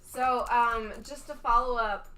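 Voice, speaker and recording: Bright, chatty young woman co-host. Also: on the high side, steady tone, a little slow, slight background noise, rough recording. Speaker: co-host of a card-break stream. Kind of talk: casual chat.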